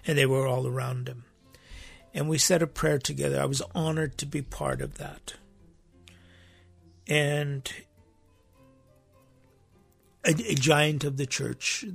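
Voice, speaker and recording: Male host, reflective halting talk, deep gravelly fry, faint music behind. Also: no room sound. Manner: halting, searching for words with frequent restarts. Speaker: host of a weekly faith program.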